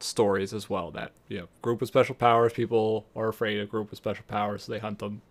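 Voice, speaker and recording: A man's voice: fairly low pitch, little pitch movement, fast. Hesitant man chiming in on a podcast. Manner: hesitant, restarts, chimes in. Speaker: podcast co-host. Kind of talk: casual podcast chat.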